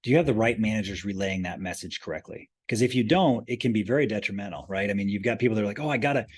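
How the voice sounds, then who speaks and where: A man's voice: on the low side, fast, husky. A man, a company president, talking earnestly as a podcast guest, often restarting his phrases and pressing hard on key points. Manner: earnest, emphatic, many restarts. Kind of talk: podcast interview.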